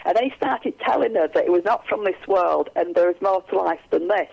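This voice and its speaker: A woman's voice: fairly low pitch, animated, fairly quick, vocal fry, breathy edge, dull audio. A woman, a psychic medium, telling stories in a radio interview, rambling with many restarts and fillers.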